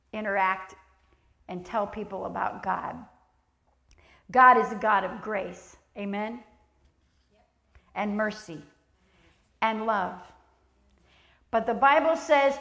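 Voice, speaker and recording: A woman's voice: mid-range voice, slow pace, creaky, pauses often, a bit bright, roomy sound. A woman preaching a sermon in a church sanctuary, reading scripture aloud, speaking earnestly and with emphasis, and asking the congregation questions.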